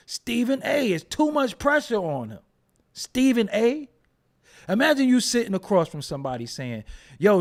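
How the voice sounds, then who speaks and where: A man hosting a casual commentary show, joking and riffing in slangy with frequent laughs. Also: very high voice. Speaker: host.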